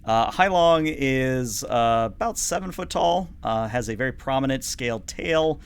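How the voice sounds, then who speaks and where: A man's voice: medium pitch, expressive, a little slow, smooth. Brief: chatty game master, man, explaining rules with plenty of ums. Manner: chatty, lots of fillers. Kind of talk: narrating a tabletop game.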